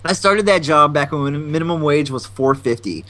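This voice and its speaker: Guy hosting a chill podcast, kinda high voice, tells stories and does all the voices. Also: moderate pace, a crowd in the background. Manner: animated storyteller, acting out quotes. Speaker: podcast host. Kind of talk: casual chat.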